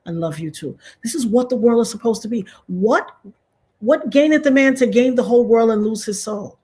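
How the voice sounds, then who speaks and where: Husky-voiced woman hosting a livestream. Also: a little high, animated, normal speed. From northern United States. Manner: affectionate, preachy, shouts out chat viewers. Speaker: livestream host. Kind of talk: casual livestream chat.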